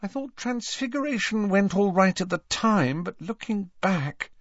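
A man voicing an anxious, bossy teenage schoolgirl who babbles nervously in a shrill voice, in an audiobook. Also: animated, a little slow, no echo, dull audio. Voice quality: shrill, fretful.

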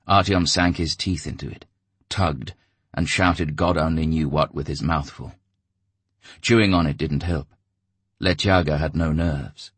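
A man narrating an audiobook in a measured, steady way. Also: very deep voice, slightly rough, no echo.

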